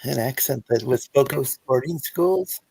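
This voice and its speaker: A man hosting a casual chat, speaking in a halting, hesitant way with many fillers. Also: medium pitch, creaky, mellow, breathy edge, no room sound. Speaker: host.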